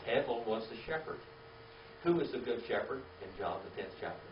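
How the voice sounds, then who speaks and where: A man leads a Bible class, firing questions at the group and drilling Hebrew words out loud. His voice sounds roomy and comes from some distance off the mic. The recording is dull and lo-fi, with faint room noise underneath. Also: medium pitch, lively intonation, brisk. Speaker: Bible teacher. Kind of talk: Bible class teaching with call-and-response.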